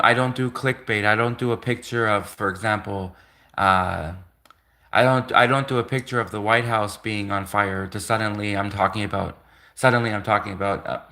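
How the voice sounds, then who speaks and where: A man's voice: lowish voice, steady tone, moderate pace, gravelly, sharp tone. A man from Canada hosting a casual livestream, rambling with lots of filler words and restarts.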